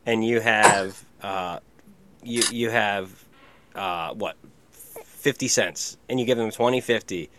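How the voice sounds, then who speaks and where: A man's voice: fairly low pitch, slow, a bit bright. A man co-hosting a podcast, telling rambling stories in casual chat, filled with "like". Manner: rambling storyteller, heavy on "like". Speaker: podcast co-host.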